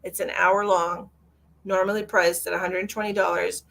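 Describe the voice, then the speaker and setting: A woman with a lowish, gravelly, slightly bright voice speaks flatly at a moderate pace. A psychic medium at home with her cat, she answers viewer comments on a live stream in a blunt, lecturing way, repeating phrases for emphasis.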